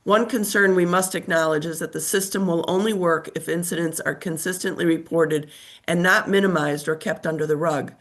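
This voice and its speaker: An older woman with a scratchy, slightly low voice reads prepared testimony. She sounds formal and measured. She is heard over a remote call microphone. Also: fairly even intonation. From United States. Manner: formal, measured reading of a statement. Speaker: testifying witness.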